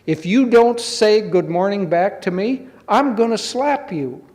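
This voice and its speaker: A man voicing a clever, boastful trickster rabbit from a folk tale, in a shrill, theatrical, pleading voice. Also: takes it slowly, darkish tone. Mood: indignant. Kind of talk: folk tale told in a spiritual talk.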